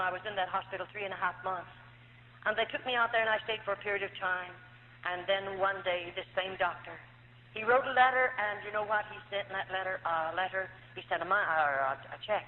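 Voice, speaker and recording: An older American woman giving an earnest, emotional personal testimony to a church gathering, with hesitant fillers. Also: mid-range voice. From United States. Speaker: former nun giving testimony. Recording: tinny old cassette of echoey hall, faint hiss.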